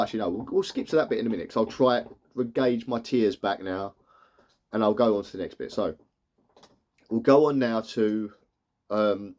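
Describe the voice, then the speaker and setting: A man's voice: mid-range voice, darkish tone. A man, retelling a TV episode in a rambling way, emotional and close to tears, acting out the characters' lines as he goes. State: tearful, emotional. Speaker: TV reviewer.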